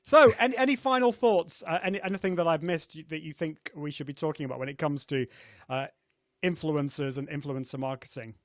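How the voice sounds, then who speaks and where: A man's voice: on the high side, a little fast, no echo. Chatty man hosting a live show. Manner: chatty, many fillers and restarts, laughs often. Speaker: host of a live video show. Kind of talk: casual live-stream chat. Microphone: video call setup.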